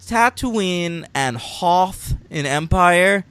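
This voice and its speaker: A man co-hosting a casual film podcast with a bright, forward voice. His pitch moves lively. He jokes wryly and swears offhandedly. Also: drawn-out words, clean tone. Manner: wry, joking, swears casually. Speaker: podcast co-host.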